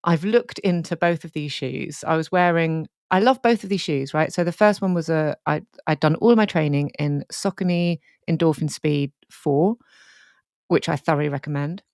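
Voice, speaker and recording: A woman's voice: low-pitched, moderate pace, a little mellow, dry recording, studio quality. A woman co-hosting a podcast, telling a candid, sweary, emotional story in casual chat. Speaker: podcast co-host.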